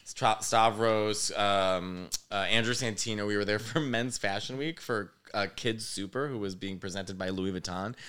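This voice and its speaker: A man from Chicago sits in as a comedian guest on a chatty podcast. He spins animated stories with a bright, forward edge to his voice, and his words come out smooth and crisp. He curses casually as he goes. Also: on the low side, moderate pace, few pauses. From Chicago, United States. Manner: animated storyteller, swears casually.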